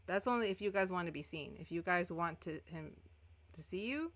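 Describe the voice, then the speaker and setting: A woman's voice: lowish voice, expressive, brisk, a bit bright. A woman running a tabletop game as game master, narrating in a casual, loose way.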